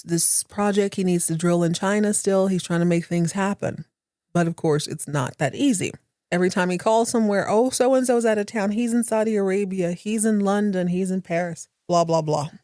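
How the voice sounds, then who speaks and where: A woman's voice: mid-range voice, a little mellow, no room sound, clean studio sound. A woman hosting a podcast, recapping a TV episode in a chatty, sassy, playful way. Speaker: podcast host.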